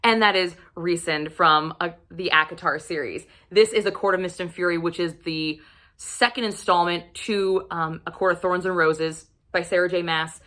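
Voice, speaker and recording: Woman book vlogger swooning over romance heroes, cusses a lot, bright forceful voice. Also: lowish voice, fairly even intonation, moderate pace. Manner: gushing, profane, swoons into breathy whispers. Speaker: book reviewer. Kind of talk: casual book recommendation vlog.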